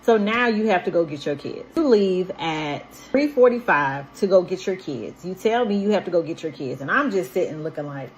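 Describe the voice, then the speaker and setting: A woman's voice: fairly low pitch, expressive, normal speed, hardly any pauses, highs cut off, slight background noise. A young woman casually recounting a story, emphatic and repeating herself for effect.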